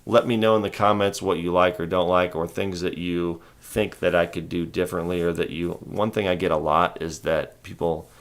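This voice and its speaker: A man with a very deep, gravelly voice talks through a trading livestream. His delivery is calm, low-key and rambling, with little lift in his tone. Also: normal speed, few pauses. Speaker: host of a stock trading livestream. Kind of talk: casual livestream chat.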